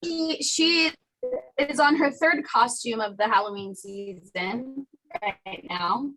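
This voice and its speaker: A woman's voice: a little high, takes it slowly, pushed and bright, a little hiss or hum, low-quality recording. A mother on a video call, amused as she explains her child's costume. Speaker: participant, mother. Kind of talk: casual chat on a video call.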